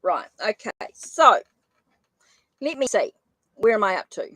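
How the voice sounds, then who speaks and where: A woman's voice: mid-range voice, sing-song, a little slow, a bit bright, no echo, poor audio. A woman hosting a live tarot reading stream, apologizing and thinking aloud as she types up viewers' names in a casual chat. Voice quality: says she has a funny accent.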